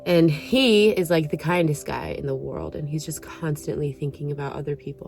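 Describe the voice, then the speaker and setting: A woman speaks straight to her viewers in a casual, heartfelt vlog, her voice low and a little out of breath. She rambles gently, filling gaps with "like" and "you know". Soft music sits faintly behind her. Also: steady tone, normal speed, gravelly. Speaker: vlogger.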